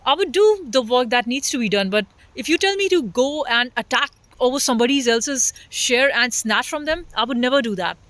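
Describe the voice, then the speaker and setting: A high, bright voice talks earnestly about spirit and society, stacking its points through repeated phrases. The sound is close and dry, with no room around it. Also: animated, normal speed, hardly any pauses, dry recording. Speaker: spiritual vlogger. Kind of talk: unscripted spiritual monologue.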